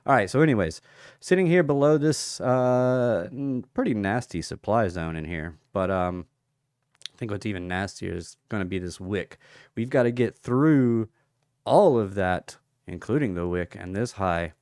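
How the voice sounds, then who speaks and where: A man with a lowish, smooth and clear voice hosts a relaxed livestream, taking his time as he greets viewers by name and thinks aloud over price levels. The sound is dry and close, with no room around it. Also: normal speed, no room sound. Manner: chatty, reads out viewer comments and thinks aloud. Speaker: crypto livestream host. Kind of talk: casual livestream chart analysis.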